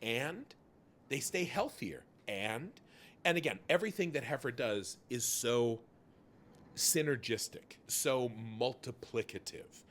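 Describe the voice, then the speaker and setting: A man hosting a charity livestream tells stories with animated energy and casual swearing. His pitch sits in the middle range. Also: slow pace, slight background noise. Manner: animated storyteller, swears freely. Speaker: host. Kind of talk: casual charity stream chat.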